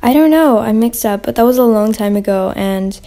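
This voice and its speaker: A woman's voice: fairly high pitch, normal speed, mellow. A young woman hosting a casual gaming Q&A vlog, chatty and rambling with lots of fillers and restarts. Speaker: channel host.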